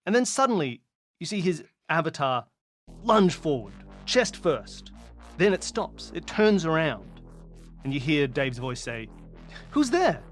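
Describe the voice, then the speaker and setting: A man runs a spoken mystery game as game master, describing each scene in a lively, playful way. His pitch moves a great deal, and he sounds close and dry. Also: a little slow, dry recording, soft background music.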